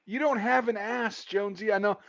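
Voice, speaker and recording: A man's voice: high voice, fairly even intonation, a little fast, creaky, highs cut off. A man in his thirties hosting a crude casual talk show, telling profane stories and laughing often. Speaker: podcast host.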